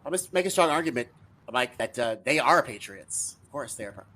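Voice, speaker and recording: A man's voice: medium pitch, expressive, a little fast, bright, forceful tone. A man appearing as a guest on a podcast, teasing the host and arguing political points in casual chat. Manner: teasing, argumentative.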